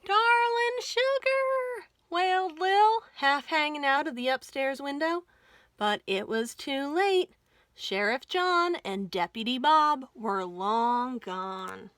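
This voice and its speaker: A woman librarian reading a Western picture book aloud at storytime, with expressive, folksy storytelling. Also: high voice, takes it slowly, no echo. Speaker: children's librarian.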